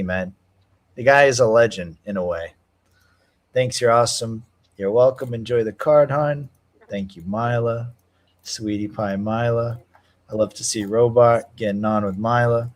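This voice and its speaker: A young man hosting a casual live stream, trading slangy trash talk and cheering loudly at fight moments. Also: medium pitch, normal speed. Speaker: stream host.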